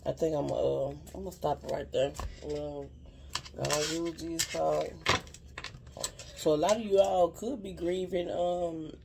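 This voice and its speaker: Speaking directly to her audience, this spiritual advisor rambles through an informal card reading with heartfelt sincerity, often tossing in "you know what I'm saying." The voice is mid-range and gravelly, with a steady tone and measured pace over background noise.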